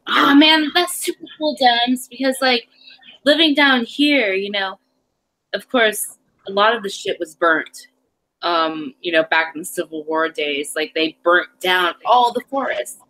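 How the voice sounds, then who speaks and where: A woman chiming in on a casual stream conversation. She speaks at a middle pitch and explains things to a friend in a loose, chatty way. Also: measured pace, pushed and bright, poor audio. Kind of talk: casual chat.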